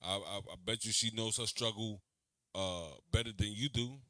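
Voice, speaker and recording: A man hosting a reaction video, talking back to an interview clip in a slangy, animated way and repeating himself. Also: lowish voice, moderate pace, no room sound, studio quality. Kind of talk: reaction commentary.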